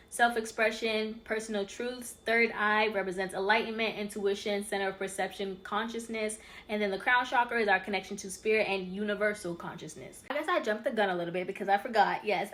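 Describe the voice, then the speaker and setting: Woman, channel host, casual spiritual teaching, chatty, excitable, talks straight to viewers. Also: medium pitch. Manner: addresses viewers as y'all and you guys. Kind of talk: casual teaching talk over slides.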